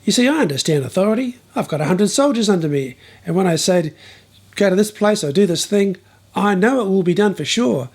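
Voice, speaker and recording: Man doing a humble Roman centurion, earnest, pleading, slightly husky, storybook telling. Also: high-pitched, expressive, a little fast, pitched above the performer's own voice, full character voice.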